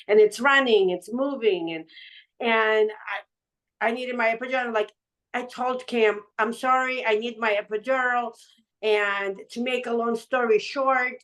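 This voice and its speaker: A woman's voice: fairly high pitch, bright, forceful tone, rough recording. A middle-aged woman telling her own story in a casual chat, emotional and rambling, with many restarts. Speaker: patch seller sharing her testimonial. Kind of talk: casual conversational testimony.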